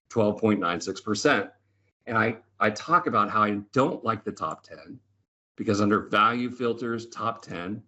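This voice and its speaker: An Excel trainer and presenter with a lowish, pushed, bright voice tells lively stories in a webinar, chatty and enthusiastic, often adding tag questions like "right?". The audio is slightly dull, lo-fi webinar sound.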